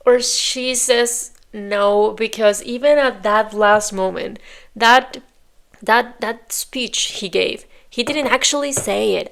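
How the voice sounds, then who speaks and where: A woman's voice: mid-range voice, creaky. A woman hosting a reaction video, talking back at the screen in exasperated, casual commentary and sometimes dropping to a whisper.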